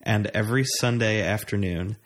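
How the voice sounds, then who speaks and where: A man's voice: lowish voice, moderate pace. A man from New York chatting casually, telling stories with lots of "like" and laughter. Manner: animated storyteller, many filler likes. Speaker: conversation partner. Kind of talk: casual chat.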